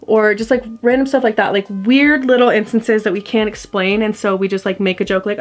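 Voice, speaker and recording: Young woman, vlogger, casual rambling story, middle pitch, faint music behind. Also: steady tone, fairly quick, hardly any pauses. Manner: chatty, rambling, heavy use of "like". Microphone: camera mic.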